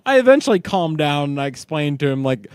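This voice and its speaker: A man's voice: fairly high pitch, sing-song, normal speed, darkish tone, smooth, dry recording, studio quality. A man from Ohio, a father, telling stories with lots of swearing and laughter in a casual podcast chat. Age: parent of young kids. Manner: profane, storytelling, laughs often. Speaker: podcast co-host.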